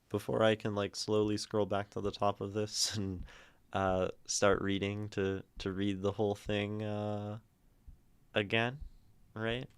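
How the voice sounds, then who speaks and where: Slow, deep-voiced male streamer, halting. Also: smooth, no room sound. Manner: thoughtful, halting, many restarts. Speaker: livestream host reading community poetry. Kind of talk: casual livestream chat.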